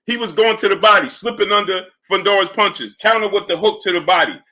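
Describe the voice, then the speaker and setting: Speaking fairly quickly, this livestream host offers animated boxing commentary, analyzing fights and mumbling low greetings to people in chat. He keeps repeating "right?" and "you understand?" as he goes.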